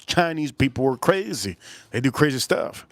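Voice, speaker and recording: A man's voice: mid-range voice, very animated, normal speed, no room sound. A man hosting a livestream, telling a story in a blunt, profane, rambling way with lots of repeats. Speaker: livestream host.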